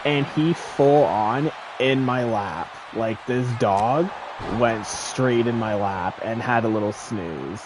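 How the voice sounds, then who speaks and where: A man streaming a game, telling stories in a casual, animated way with lots of swearing. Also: medium pitch, slow, noisy background. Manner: animated storytelling, frequent swearing. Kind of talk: casual chat while gaming.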